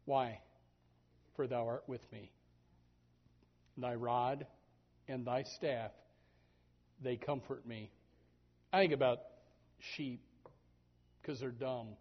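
A man preaching a sermon in a lively, animated manner, often stumbling over repeated words. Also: mid-range voice, takes it slowly, long pauses. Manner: animated, repetitive restarts, voices sheep and God aloud. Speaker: pastor. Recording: dull lo-fi recording.

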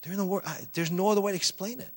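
A man preaching a sermon as pastor, swinging from loud exhortation to quiet earnest asides and acting out objections from the pews. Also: steady tone, racing. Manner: acts out congregation objections in a higher voice.

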